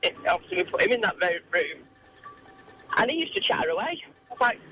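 A woman's voice: mid-range voice, very animated, quick pace, pushed and bright, soft background music, low-quality recording. A woman calling in to a radio show on the phone, chatting plainly as she tells a story. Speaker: caller. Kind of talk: telling a ghost story on air. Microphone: phone line.

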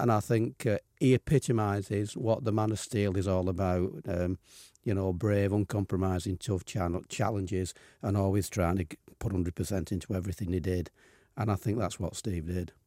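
Man, radio sports co-host, low voice, halting, lots of pauses, casual studio chat. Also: dark tone, no echo. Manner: halting, many pauses and fillers. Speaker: radio rugby league co-host.

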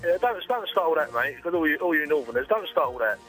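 A man's voice: on the high side, lively intonation, quick pace, fairly bright tone, soft background music. An angry man with a Cockney accent, swearing and talking over the caller during a prank phone call. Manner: angry, swearing, talks over the other person.

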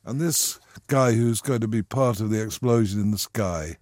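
A man's voice: on the low side, moderate pace, darkish tone, no room sound, clean studio sound. A man in his sixties, a radio guest telling a long story with frequent restarts and asides. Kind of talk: anecdotal storytelling.

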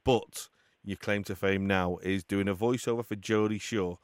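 A man's voice: on the low side, steady tone, moderate pace, smooth, no room sound, clean studio sound. A man from England hosting a radio football show, chatting casually and calling his guest pal. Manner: friendly, calls guest pal. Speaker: radio host. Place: radio studio.

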